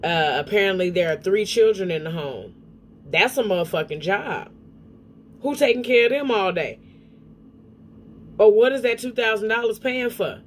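A woman giving blunt, profane reaction commentary on a clip, with a mellow tone. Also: medium pitch, lively intonation, moderate pace, pauses often, a little hiss or hum.

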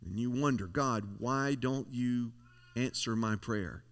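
A man's voice: medium pitch, takes it slowly, vocal fry. A male pastor preaching a folksy, emphatic sermon, leaning on repeated phrases. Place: church sanctuary. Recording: long church hall reverb.

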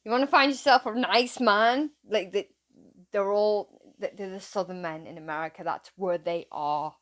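A woman's voice: mid-range voice, moderate pace, fairly bright tone. A young woman from England hosting a reaction video, chatting casually in a giggly, gushing, rambling way.

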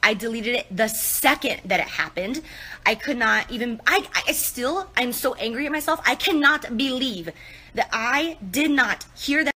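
A woman's voice: a little high, expressive, moderate pace, pushed and bright, husky, low-quality recording. A woman giving a rambling, apologetic account of her mistake. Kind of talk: apology video.

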